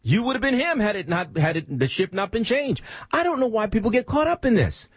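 A man's voice: high-pitched, big pitch swings, fairly quick, breathy edge, no echo. A man hosting a radio show, talking in an emphatic, preachy monologue full of rhetorical questions. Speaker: radio host.

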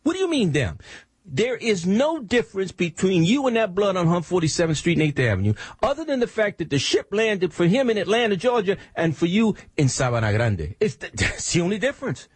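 A man's voice: high voice, sing-song, brisk, breathy edge, no echo. A man hosting a radio show, talking in an emphatic, preachy monologue full of rhetorical questions. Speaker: radio host.

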